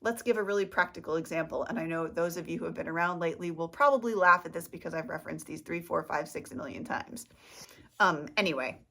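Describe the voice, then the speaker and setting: A woman's voice: fairly low pitch, fast, gravelly, bright, forceful tone. A woman vlogger talking casually to camera in a chatty, rambling, self-mocking way.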